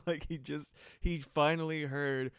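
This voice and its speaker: A man's voice: a little high, darkish tone, smooth, no room sound, studio quality. A man chatting casually on a livestream while he builds sounds, rambling, laughing often and swearing. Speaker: streamer and music producer.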